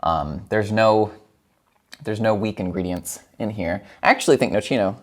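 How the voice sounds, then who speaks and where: Mixing and tasting drinks on his home cocktail show, a man chats playfully and laughs often in this casual demo. His voice sits on the low side, and he talks at a normal speed.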